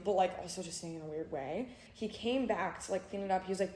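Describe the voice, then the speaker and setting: A young woman co-hosting a podcast, telling an animated story full of fillers and bursts of laughter. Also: medium pitch, fast talker, few pauses, a little hiss or hum. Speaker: podcast co-host. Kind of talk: casual storytelling chat. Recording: roomy echo.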